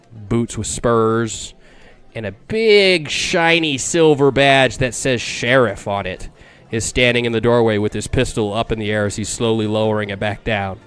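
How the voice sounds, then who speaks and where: A man narrating a tabletop game as game master, casual and halting, often repeating words. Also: mid-range voice, a bit bright, smooth.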